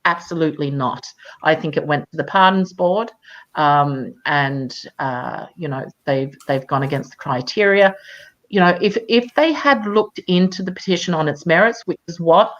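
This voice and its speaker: Low-voiced woman, emphatic and measured. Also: muffled recording. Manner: measured, emphatic, many fillers. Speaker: campaigner. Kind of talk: live chat interview. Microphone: video call.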